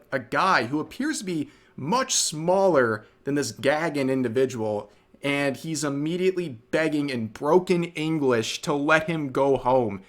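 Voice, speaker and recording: A man talking over a clip in an easy, conversational way, with a voice at an average pitch. His remarks are sarcastic and mocking. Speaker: reaction commentator. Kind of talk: casual reaction commentary.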